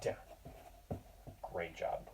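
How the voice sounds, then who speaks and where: Far from the mic on a rough recording, a man with a darkish tone and drawn-out words leads a kids' yoga class. His cues are playful and encouraging, and he talks to his dog in between poses.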